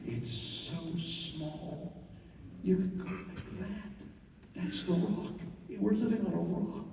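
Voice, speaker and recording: A man giving a theatrical live monologue, swinging from hushed murmurs to loud outbursts, with halting repetitions. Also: sits high, slight background noise. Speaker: stage performer telling a personal story. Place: large theater. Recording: echoey hall, mic far off.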